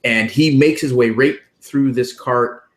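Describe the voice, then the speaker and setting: Male player, mid-pitched, haltingly narrates his character, echoey room. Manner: halting, with many fillers.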